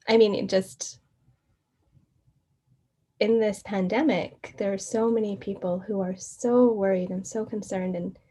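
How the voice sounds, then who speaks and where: A woman guest in an interview, telling her story in a casual, animated way, laughing often and acting out the quoted exchanges. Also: medium pitch.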